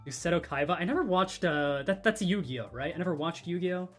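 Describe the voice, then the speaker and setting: A man's voice: a little high, lively intonation, a little fast, fairly bright tone. A man streamer chatting casually, reading chat aloud and joking. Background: faint music.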